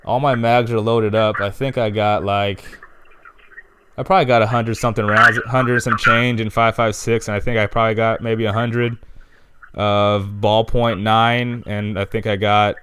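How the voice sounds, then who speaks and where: A man's voice: fairly low pitch, level tone, normal speed, background noise. A man hosting a podcast, ranting casually with heavy profanity and heated complaints. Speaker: podcast host. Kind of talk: casual monologue rant.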